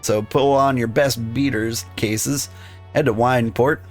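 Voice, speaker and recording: A man reading a gruff male rogue guild thief who talks in conspiratorial thieves' slang. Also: medium pitch, fairly even intonation, unhurried, soft background music, natural voice. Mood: scheming.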